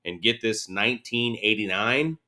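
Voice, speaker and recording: Bright-voiced man telling bike stories. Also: on the low side, moderate pace. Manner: storytelling, animated, self-mocking. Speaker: guest, motorcycle YouTuber. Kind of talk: casual interview chat.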